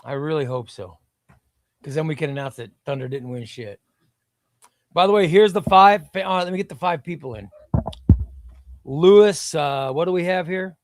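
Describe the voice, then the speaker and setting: Guy hosting a live stream, kinda high voice, super dry close mic, gushes and repeats himself. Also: normal speed, long pauses, dry recording. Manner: enthusiastic, repeats himself, reads chat aloud. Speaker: comic book live stream host. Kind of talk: casual live stream chat.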